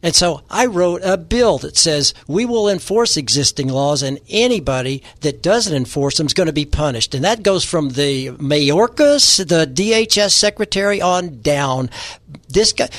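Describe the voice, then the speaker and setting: A man in a radio-style interview lays out his political plans with forceful, repetitive declarations. His voice sits a touch high and is recorded dry and close, with no room sound. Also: lively intonation, a little slow, no echo. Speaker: political candidate guest.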